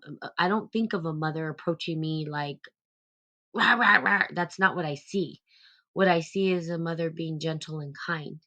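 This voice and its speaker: A woman hosting a casual spiritual live stream, talking gently and reflectively in a rambling way full of fillers. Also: sits low.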